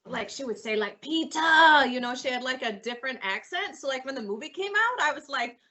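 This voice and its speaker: A married woman librarian telling a story in a casual chat, animated and full of fillers. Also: high-pitched, fast talker.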